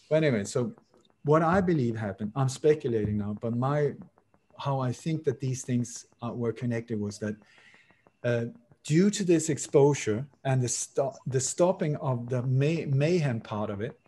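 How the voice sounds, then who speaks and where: A male guest in an interview, his mid-range voice a little mellow with a breathy edge, spins an animated story. His delivery is emphatic and sarcastic, and he repeats words to drive points home.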